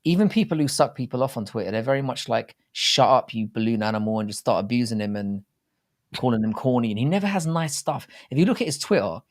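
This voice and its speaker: A man's voice: mid-range voice, big pitch swings, quick pace, a little mellow. A British man co-hosting a casual livestream, chatting in a rambling, banter-filled way. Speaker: podcast co-host.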